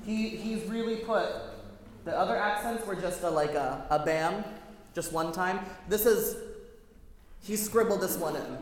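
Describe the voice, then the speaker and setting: A man's voice: sits high, unhurried. A man leading a choir rehearsal, chatty and detailed, correcting himself as he goes through the score. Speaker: choir director. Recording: echoey hall, faint noise.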